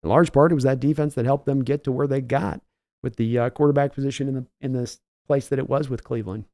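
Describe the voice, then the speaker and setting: A man's voice: medium pitch, steady tone, fast talker, dark tone, no echo, studio quality. A man hosting a casual livestream, chatting loosely and answering viewers' comments by name. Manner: rambling, conversational, reads out viewer names. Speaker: host.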